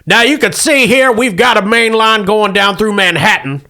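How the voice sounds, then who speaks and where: A man voicing a gruff middle-aged Marine captain who briefs his team in clipped military orders during a tabletop game. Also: sits high, normal speed, pushed and bright, voice pushed up. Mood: briefing.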